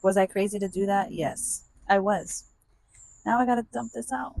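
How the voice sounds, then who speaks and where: A woman's voice: medium pitch, moderate pace, gravelly, a little mellow, a little hiss or hum, poor audio. A young woman vlogging outdoors by a rain barrel, talking dramatically and exasperatedly to herself and the camera. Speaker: plant vlogger. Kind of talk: casual vlog talk to camera.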